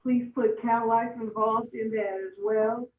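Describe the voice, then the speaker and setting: A woman giving an impassioned public comment, earnest and pleading, speaking deliberately slowly. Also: a little high, steady tone, a little hiss or hum. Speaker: public commenter and advocacy board member. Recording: tinny, echoey phone line from a distance.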